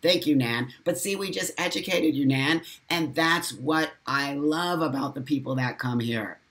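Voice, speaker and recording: A man's voice: fairly high pitch, normal speed, fairly bright tone. A middle-aged man hosting a casual livestream, reading out viewer comments and answering them in an emphatic, blunt way, swearing freely and laughing often. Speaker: host.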